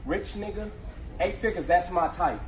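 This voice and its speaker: A man doing a brash high-voiced street rapper. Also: normal speed, echoey room, a little hiss or hum, close to an everyday voice, low-quality recording. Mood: pushy. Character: brash young male rapper, pushy street hustler.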